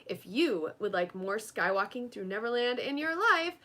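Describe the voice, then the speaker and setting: A woman co-hosts a casual podcast and rattles off plugs and thank-yous. Her voice is bright and forward, with pitch that leaps around animatedly. She sounds upbeat and eager. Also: normal speed. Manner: upbeat, lively promotional delivery. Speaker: podcast co-host. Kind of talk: casual podcast outro and sponsor reads.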